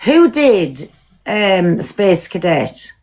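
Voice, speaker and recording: A woman's voice: mid-range voice, very animated, drawn-out words, a little mellow. A woman hosting a live stream from home, talking casually and bluntly, swearing freely and answering her viewers. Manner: blunt, swears freely, talks back to commenters.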